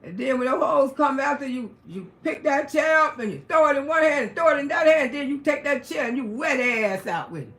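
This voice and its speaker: A middle-aged woman hosting a livestream, telling stories in a brash, profane, casual way and breaking into loud exclamations. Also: high-pitched, lively intonation, fairly quick, hardly any pauses. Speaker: livestream host. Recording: roomy echoey room.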